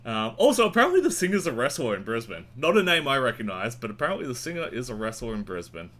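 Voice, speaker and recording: A man reviewing new albums in a casual, rambling and sweary way, with sudden jumps in pitch. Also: sing-song, fast talker, a bit bright. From Australia. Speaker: music reviewer. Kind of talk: casual monthly album roundup.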